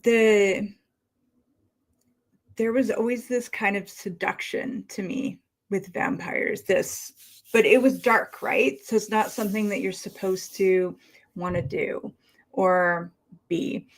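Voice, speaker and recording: A woman's voice: medium pitch, fairly even intonation. A woman hosting a casual live stream, talking with a slight lisp from costume fangs, musing and trailing off as she speaks. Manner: slow, musing, trailing off and restarting. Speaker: livestream host.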